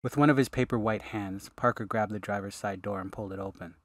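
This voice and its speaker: Man, audiobook narrator, low voice, dry close sound, steady reading. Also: fast, no echo. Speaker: author reading his audiobook. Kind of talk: scripted narration.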